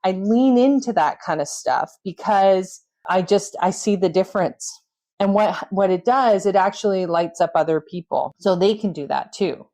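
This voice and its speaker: A woman's voice: medium pitch, moderate pace, mellow. A woman hosting a podcast, talking earnestly in a reflective, storytelling way. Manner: earnest, storytelling with self-coaching tone. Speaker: podcast host. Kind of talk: reflective solo podcast talk.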